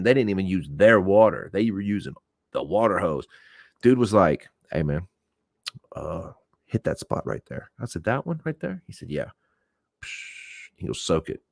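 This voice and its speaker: A man from Oklahoma hosting a show, telling his own stories in a loose, profane way and jumping up in pitch when he acts out what people said. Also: moderate pace, gravelly, no room sound, clean studio sound. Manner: animated, profane, acts out quoted voices with big pitch jumps. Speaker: podcast host. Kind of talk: casual storytelling to a live audience.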